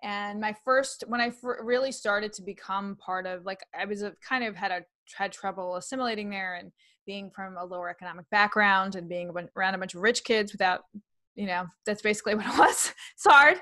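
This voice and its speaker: A comedian woman from New York, her old accent mostly trained away, talks about her work in a relaxed interview. She speaks in an animated, chatty way, laughs easily and often starts her sentences over. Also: medium pitch, brisk. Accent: slight New York, mostly trained out. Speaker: comedian and actress guest. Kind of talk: casual interview conversation.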